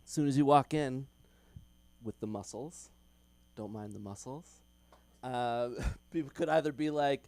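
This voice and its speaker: A man's voice: mid-range voice, measured pace, a little mellow. A young man doing open mic stand-up in a comedy club, chatty with lots of ums and little laughs.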